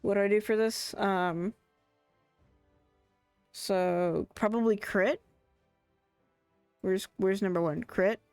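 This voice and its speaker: A woman's voice: medium pitch, slow, pauses often, smooth, no echo, soft background music. Chatty woman streaming a game. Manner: chatty, excitable, thinks aloud and restarts a lot. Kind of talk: casual live gaming commentary.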